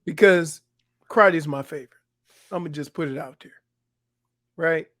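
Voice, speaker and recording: Male radio co-host, high voice, chatty, restarts often, easygoing banter. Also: moderate pace, sharp tone, no echo, studio quality. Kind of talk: sports talk radio banter.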